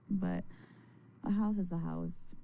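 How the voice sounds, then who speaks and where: A woman's voice: fairly low pitch, fairly even intonation, takes it slowly, gravelly, dark tone, slight background noise. A tired woman chatting casually with her live-stream viewers from home, rambling, laughing and swearing as she goes.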